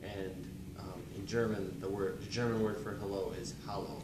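A young man with a low voice gives casual instructions, stopping often with ums before quick bursts of speech. He is far from the mic in an echoey room with clear noise behind him. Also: little pitch movement. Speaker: student presenter.

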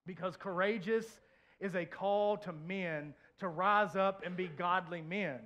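A pastor preaching a heartfelt sermon in church, sharing a personal story, repeating phrases and swinging from soft to loud. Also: male voice, sits high, measured pace, highs cut off. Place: church, before a congregation.

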